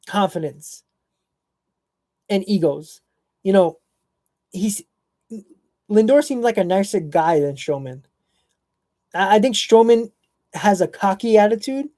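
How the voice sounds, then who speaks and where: A man's voice: high-pitched, mellow, dry recording. A man hosting a casual fan live stream, blunt and opinionated, talking to chat viewers by name.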